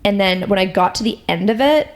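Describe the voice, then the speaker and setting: A young woman co-hosting a podcast in casual chat, chatty and playful, quick to laugh. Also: mid-range voice. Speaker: podcast co-host.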